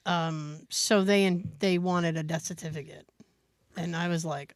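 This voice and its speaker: A woman's voice: fairly low pitch, a little slow, no room sound. A woman co-hosting a podcast, telling a story in casual chat and acting out what other people said. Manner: animated anecdote teller who acts out quoted people. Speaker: podcast co-host.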